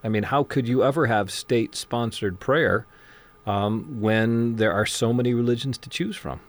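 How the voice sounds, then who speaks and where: A man's voice: medium pitch, moderate pace. A man from the Midwest hosting a radio talk show, conversational and friendly as he interviews guests. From American Midwest.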